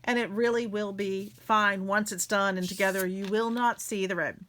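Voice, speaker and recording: Bright chatty woman crafting. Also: medium pitch, fairly even intonation, normal speed, slight background noise. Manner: chatty, self-deprecating, talks while working. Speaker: craft tutorial host. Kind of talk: casual craft tutorial.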